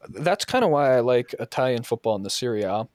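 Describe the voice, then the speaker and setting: A man's voice: mid-range voice, lively intonation, a little fast, a little mellow, dry recording, clean studio sound. Swearing man ranting about coaching. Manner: profane, heated storytelling. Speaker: podcast host and soccer coach. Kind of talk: casual podcast chat.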